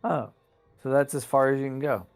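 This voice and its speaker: A man's voice: medium pitch, steady tone, fairly quick, faint music behind. A man co-playing a video game, chatting casually, asking questions and cracking dry jokes. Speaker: co-player. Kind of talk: casual gameplay chat.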